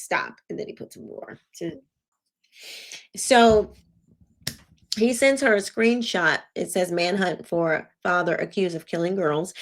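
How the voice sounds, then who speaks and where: Woman host reading messages sarcastically. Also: mid-range voice. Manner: sarcastic, incredulous asides. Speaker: show host. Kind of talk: commentary reading text messages aloud.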